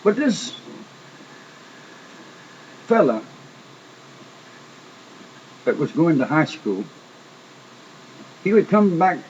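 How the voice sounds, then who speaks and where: A man's voice: medium pitch, a little mellow. Guy preaching a story, folksy and emphatic, kinda muffled lo-fi recording. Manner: folksy, emphatic, repeats words. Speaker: preacher telling a testimony. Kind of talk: sermon-style storytelling. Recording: dull lo-fi recording with faint noise.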